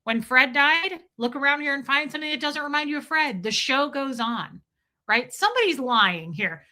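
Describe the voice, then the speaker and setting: A woman's voice: sits high, animated, normal speed, bright, forceful tone. A woman hosting a livestream, talking casually and rambling in an indignant tone while greeting viewers mid-sentence. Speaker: livestream host reading chat.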